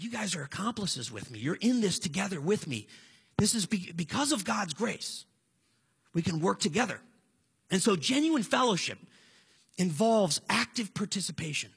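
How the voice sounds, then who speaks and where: Man, forties, sermon, conversational and earnest, high lively pitch, gravelly and husky. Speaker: pastor.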